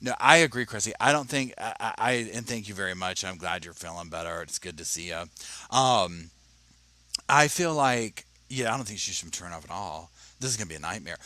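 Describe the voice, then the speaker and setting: A man with a low, animated voice talks fairly quickly in a sharp tone, with no echo on the audio. He's hosting a casual livestream, reacting to a video while chatting and reading viewer comments aloud, and he says "y'all."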